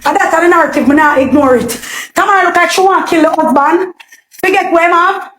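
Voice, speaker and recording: A woman with a Jamaican accent hosting a livestream, ranting in a loud, profane, confrontational way. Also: very high voice, fairly quick, slight background noise. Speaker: livestream host. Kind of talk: heated livestream rant.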